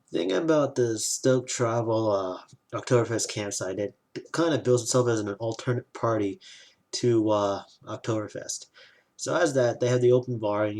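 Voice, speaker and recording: Man, casual review, sarcastic, griping, swears, sighs, lowish voice. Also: darkish tone. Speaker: vlogger reviewing a trip.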